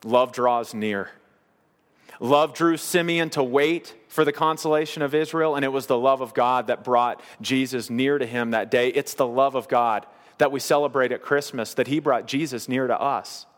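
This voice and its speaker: A man preaching a sermon as pastor, earnest, slowing down on the key phrases. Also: mid-range voice, fairly even intonation, big-room sound.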